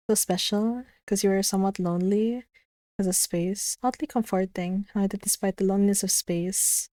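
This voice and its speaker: A woman's voice: mid-range voice, dark tone, dry recording. Giggly woman streamer, dry close sound. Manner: chatty, giggly, gushing, swears casually. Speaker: streamer answering chat. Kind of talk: casual stream chat. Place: her own room at home.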